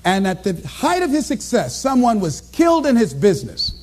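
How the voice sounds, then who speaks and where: Male motivational speaker, very high and animated voice, storytelling with shouts. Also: moderate pace, hardly any pauses. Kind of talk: motivational speech to a live audience.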